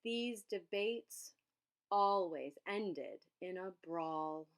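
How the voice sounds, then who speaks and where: A woman reading a children's picture book aloud in an expressive storytelling manner. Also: medium pitch, extremely slow, clear, resonant tone.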